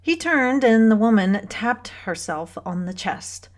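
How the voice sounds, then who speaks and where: A woman narrating a novel aloud in a measured, even storytelling manner. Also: a little high. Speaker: audiobook narrator. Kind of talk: scripted audiobook narration.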